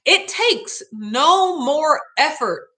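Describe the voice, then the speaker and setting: Chatty, animated, bright-voiced Southern woman. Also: high voice, very slow. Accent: Southern American. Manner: chatty and animated, with many filler words. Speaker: livestream host reading viewer comments. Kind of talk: casual live chat.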